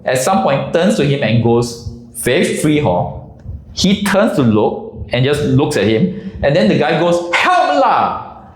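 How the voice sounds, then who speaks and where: A man telling a comic story in a casual, animated way. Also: a little high, measured pace, reverberant, poor audio. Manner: animated, drops into character voices.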